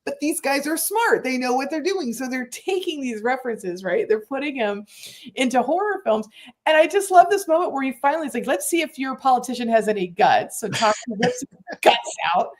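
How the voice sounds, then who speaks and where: A woman co-hosting a movie podcast, recapping a film in an animated, chatty way. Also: sits high, normal speed. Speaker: podcast co-host. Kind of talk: casual movie discussion.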